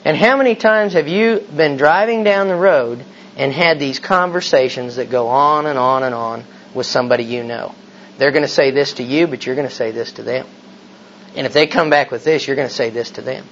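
A man preaches at a middle pitch, pressing his points home with one rhetorical question after another. The recording sounds somewhat dull, with a faint hiss underneath. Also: normal speed, fairly bright tone. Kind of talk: sermon.

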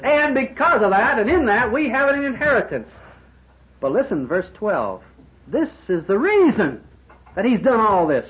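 A man preaching a sermon to businessmen, emphatic, with rhetorical questions and sudden swings between loud and quiet. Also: high voice, sing-song, moderate pace. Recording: dull lo-fi sermon recording.

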